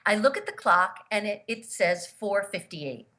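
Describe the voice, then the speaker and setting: Bright, forceful woman telling a story. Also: medium pitch, a little slow. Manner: lively storyteller who acts out the voices of the people she quotes; earnest and emphatic. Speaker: guest, grief therapist and author. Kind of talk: personal storytelling in an interview.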